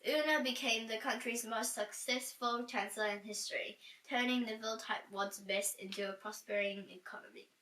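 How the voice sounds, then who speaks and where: A woman reading a children's book aloud with expressive storytelling. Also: a little high, moderate pace, hardly any pauses. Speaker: storybook reader. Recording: roomy echo, distant from mic.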